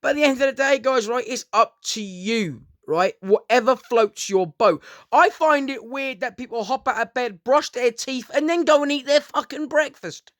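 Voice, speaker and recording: A man with a notably high voice talks straight to his viewers in a loose, meandering rant. He swears freely and keeps checking in with "guys" and "right?". The sound is close and dry, with no room echo. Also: normal speed. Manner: rambling, heavy swearing, keeps addressing listeners as "guys". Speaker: vlogger. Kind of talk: casual unscripted monologue to camera.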